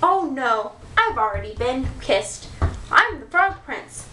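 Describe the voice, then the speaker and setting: A woman's voice: high-pitched, big pitch swings, slow, sharp tone, a little hiss or hum, full character voice. A woman voicing a nervous, overly polite young male frog prince who stammers and fusses. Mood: flustered. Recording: echoey room from far off.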